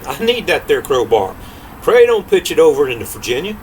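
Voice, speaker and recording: An older grandfather reading aloud, voicing a slow-witted old male giant in a drawling folksy way. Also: a little high, very animated, a little hiss or hum, poor audio. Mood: coaxing.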